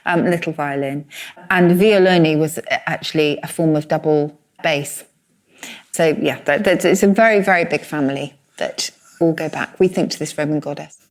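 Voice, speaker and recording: A woman's voice: low voice, normal speed. A woman co-hosting a podcast, explaining word origins in a friendly way and thinking aloud as she goes. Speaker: podcast co-host, word expert. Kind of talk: casual chat.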